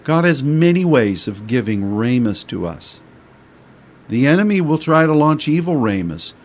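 A man's voice: mid-range voice, sing-song, moderate pace. A middle-aged man preaching a sermon in a folksy, homespun way.

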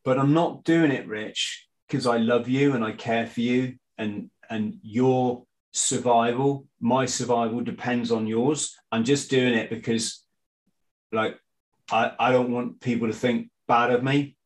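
A middle-aged man, a guest in a casual conversation, talking in a halting way with frequent restarts and fillers. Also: mid-range voice, steady tone, low-quality recording. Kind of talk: casual conspiracy chat.

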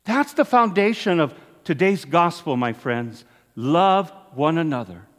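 A man delivers an earnest sermon from the pulpit, his voice pitched high and swinging widely as he stresses each point. The sound carries a long church reverb around him. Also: unhurried. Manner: earnest, animated preaching with rising and falling emphasis. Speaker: priest.

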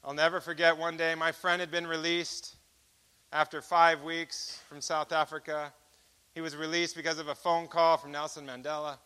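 A man preaching a personal testimony as an animated storyteller who acts out each exchange of dialogue. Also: a little high, moderate pace, clean tone. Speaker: speaker giving a testimony.

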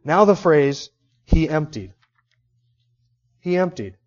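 A man's voice: fairly high pitch, very animated, slow, lo-fi sound. A man preaching an expository sermon as pastor, teaching emphatically through rhetorical questions.

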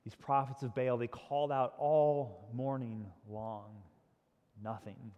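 A man's voice: medium pitch, steady tone, slow pace, muffled recording. Male pastor, dramatic sermon storyteller, big reverberant hall. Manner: dramatic storytelling, swinging from loud to hushed.

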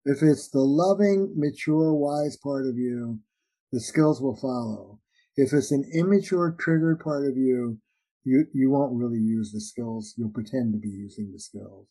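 Mellow-voiced man explaining relationship ideas. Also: medium pitch, a little slow, rough recording. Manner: animated, acts out little dialogues with shifting voices. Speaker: relationship therapist and author. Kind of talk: conversational interview answers.

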